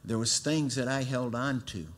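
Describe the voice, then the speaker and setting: Middle-aged male preacher, folksy testimony, middle-pitched voice, loud and soft by turns. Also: fairly even intonation, moderate pace. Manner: folksy storytelling, swings from loud to hushed. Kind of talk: sermon testimony.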